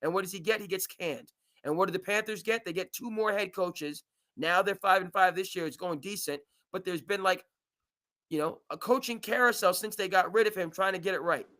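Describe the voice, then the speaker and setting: A man's voice: high voice, a little fast. A man hosting a live sports talk show, arguing his points with frequent restarts and stammers. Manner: animated, restarts and stammers often. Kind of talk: live sports debate chat.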